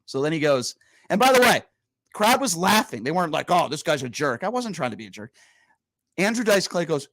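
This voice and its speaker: A male radio host chats in a studio, his pitch swinging widely as he tells an anecdote and acts out the other people in it. The sound is dry and close, with no room echo. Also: brisk. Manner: animated storyteller, quotes people in raised voices. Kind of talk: casual studio chat, storytelling.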